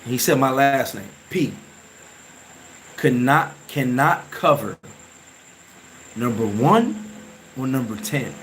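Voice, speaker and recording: A man hosting a vlog, telling an emotional story from his playing days in a casual, animated way, full of restarts and sound effects. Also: medium pitch, takes it slowly, long pauses, slight background noise, poor audio. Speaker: vlog host.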